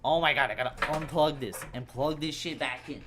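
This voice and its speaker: A woman's voice: low-pitched, brisk, noisy background. A woman streaming a game live, chatting with viewers and swearing angrily at her equipment. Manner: frustrated, swearing, talking to chat. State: angry. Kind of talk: casual live-stream chat.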